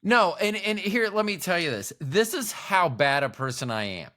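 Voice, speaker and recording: A man's voice: high-pitched, sing-song, moderate pace, pushed and bright. A middle-aged man co-hosting a podcast, rambling through playful jokes in casual chat. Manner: rambling, playful, jokey asides. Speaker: podcast co-host.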